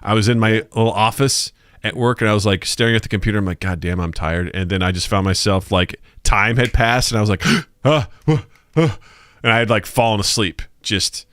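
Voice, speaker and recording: A man in his thirties co-hosting a podcast, telling stories with lots of laughs and acting out quotes in a high, lively voice. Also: fairly quick, no room sound, studio quality. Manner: animated storyteller, acts out quotes in a high voice; laughs often. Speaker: podcast co-host. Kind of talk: casual podcast chat. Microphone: podcast mic.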